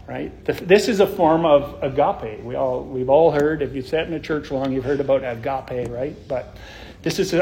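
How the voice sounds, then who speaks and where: A man's voice: medium pitch, a little mellow. Male pastor, mid-range voice, earnest teaching sermon, slight background hiss. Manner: earnest, explanatory, restarts phrases. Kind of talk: expository sermon.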